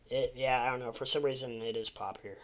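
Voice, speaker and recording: A man's voice: mid-range voice, a bit bright. A man hosting a casual live stream, rambling and muttering to himself between remarks to his viewers. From American Midwest.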